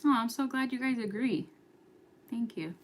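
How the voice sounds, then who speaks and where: A woman's voice: fairly high pitch, normal speed. A young woman from New York hosting a casual late-night livestream, chatty and giggly, sometimes dropping to a whisper. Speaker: livestream host. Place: home at night.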